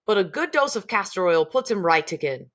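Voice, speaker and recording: A woman's voice: medium pitch, big pitch swings, fairly quick, a bit bright. A woman reading aloud, voicing a large, coarse father who talks curtly and rudely. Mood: blustering. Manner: blustering, curt. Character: large, coarse, rude middle-aged father.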